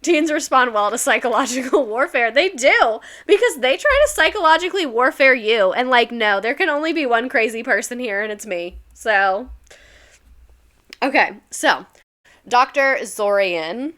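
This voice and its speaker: Bright-voiced woman chatting on stream. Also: fairly high pitch, animated, moderate pace. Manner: chatty, laughs often, swears casually. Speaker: former teacher and streamer. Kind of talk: casual livestream chat reading stories.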